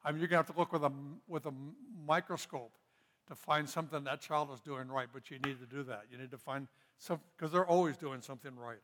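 A man's voice: fairly high pitch, fairly quick, a bit bright. A middle-aged male pastor leading a parenting seminar, teaching in an earnest, folksy way and telling stories with asides. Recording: long hall reverb.

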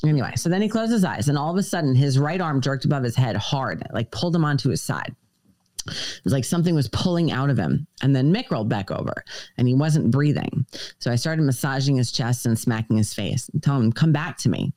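A woman's voice: very deep voice, expressive, brisk, a little mellow, no echo. A woman guest on a podcast, earnestly recounting a personal story and quoting dialogue in shifting voices. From United States.

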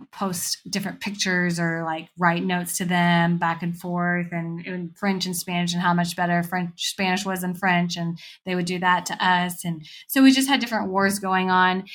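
A woman hosting a podcast, telling a story in a casual, animated way and acting out the voices she quotes. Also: on the low side. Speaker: podcast host.

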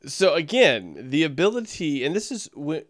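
A man reviewing a sermon in casual, conversational commentary, his pitch swinging and his pace bursting. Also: big pitch swings, moderate pace, dry recording.

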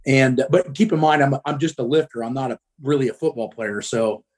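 A man's voice: medium pitch, brisk, a little mellow. A middle-aged man from the Midwest, a guest telling his story in casual talk, blunt and profane, with frequent ums.

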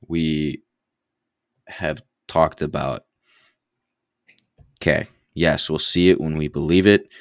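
A man co-hosting a podcast, talking casually with a teasing, energetic manner that picks up volume on his points. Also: a bass voice, no room sound, clean studio sound. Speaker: podcast co-host. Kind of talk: casual chat.

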